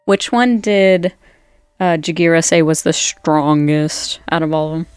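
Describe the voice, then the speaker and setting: A man playing a tabletop game, asking quick clarifying questions in casual table talk. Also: on the high side, clean tone, dry recording. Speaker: player.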